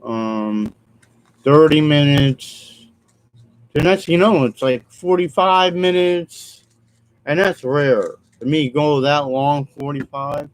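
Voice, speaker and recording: A man's voice: on the high side, slow pace, low-quality recording. A man talking alone to his viewers in an earnest, rambling way, repeating himself, apologizing and trailing off with ums. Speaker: vlogger. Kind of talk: rambling solo vlog monologue.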